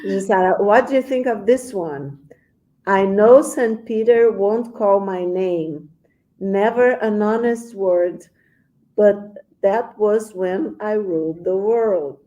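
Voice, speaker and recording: A woman co-hosts a reflective discussion, speaking at an unhurried pace. Her voice is warm and mellow rather than bright. She circles her ideas with fillers and restarts. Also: mid-range voice, poor audio. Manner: thoughtful, rambling, many fillers and restarts. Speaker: podcast co-host. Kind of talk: discussion on psychology and spirituality.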